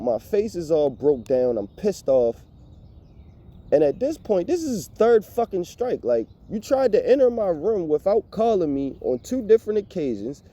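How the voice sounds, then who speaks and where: Young male vlogger, lively exasperated storyteller, mellow timbre, swears freely. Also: fairly high pitch. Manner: animated, profane, exasperated storytelling. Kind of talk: casual storytime rant.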